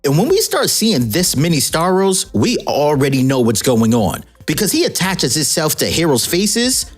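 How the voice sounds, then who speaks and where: A woman's voice: low-pitched, big pitch swings, moderate pace, faint music behind. A woman narrating a comic storyline in a playful, jokey, casual storytelling way.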